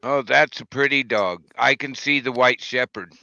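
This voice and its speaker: A man's voice: mid-range voice, normal speed, creaky, no room sound, muffled recording. A man streaming, telling a story in casual chat and acting out the voices of the people in it. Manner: animated storyteller, acts out quoted voices.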